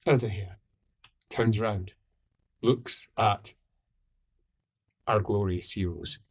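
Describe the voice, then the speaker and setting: A man narrating a tabletop game as game master, in an animated, playful way. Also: on the low side, slow pace, husky.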